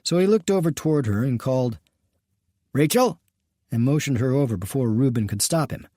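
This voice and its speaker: A man narrating a western novel audiobook in a steady, even storytelling manner. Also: medium pitch, fast talker, no room sound, studio quality. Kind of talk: scripted narration.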